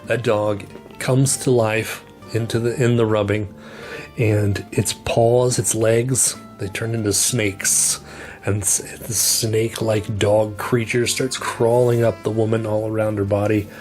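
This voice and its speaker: A middle-aged man casually retelling a horror novel's plot as a book reviewer, animated, swearing now and then and acting out the characters' lines. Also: on the low side, slow, faint music behind.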